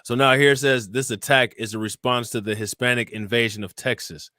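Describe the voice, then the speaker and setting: A man in the middle pitch range hosts a casual live-stream show on a close, dry mic. He reads reports and viewer comments aloud, then turns to the audience with loose, conversational questions and asides. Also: steady tone, brisk, pushed and bright, no echo. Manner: loose and conversational, keeps asking "you know what I'm saying?".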